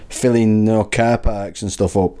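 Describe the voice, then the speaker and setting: A man's voice: lowish voice, fairly even intonation, moderate pace, warm tone. A man with a Wigan accent hosting a casual podcast chat, joking and laughing often. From Wigan, England. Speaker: podcast host.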